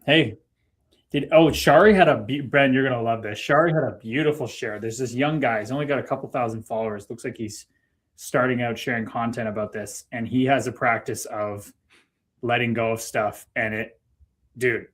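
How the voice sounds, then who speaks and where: A man hosting a casual livestream, chatting in a relaxed way and reading out viewer comments. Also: medium pitch, normal speed. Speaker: stream host.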